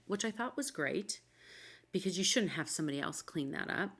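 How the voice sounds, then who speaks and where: A woman's voice: lowish voice, expressive, fairly quick, a bit bright. A woman hosting a talk show about dogs, chatting casually and telling anecdotes with quoted dialogue. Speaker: podcast host, dog expert.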